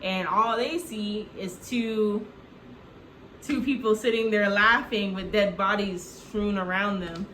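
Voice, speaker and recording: A woman's voice: medium pitch, fairly even intonation, slow, fairly bright tone, a little hiss or hum. A woman retelling a film in a loose, rambling, comedic way, packed with "like" and the odd swear word. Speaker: movie recap host. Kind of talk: casual comedic movie retelling. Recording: echoey room.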